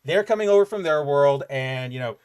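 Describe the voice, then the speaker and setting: Male podcast co-host, chatty and loose, a touch higher-pitched, casual comics rundown. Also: brisk, clean tone. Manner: chatty and animated, loose fillers and asides. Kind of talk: casual comic book review chat.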